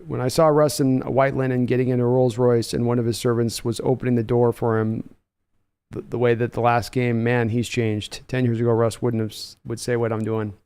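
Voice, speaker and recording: A man's voice: medium pitch, flat delivery, brisk, a little mellow, clean tone. A man hosting a casual live-stream podcast, reading viewer comments aloud and answering them offhand. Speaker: podcast host.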